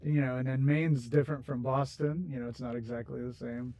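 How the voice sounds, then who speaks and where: A man's voice: mid-range voice, little pitch movement, brisk, mellow, dull audio. A man hosting a game livestream, chatting casually and rambling with viewers while he builds, laughing easily. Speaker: livestream host.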